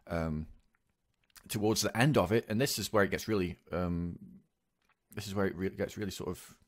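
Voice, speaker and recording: This is a low-pitched young man vlogging a personal, confessional monologue. Pauses and restarts pepper his hesitant, halting speech.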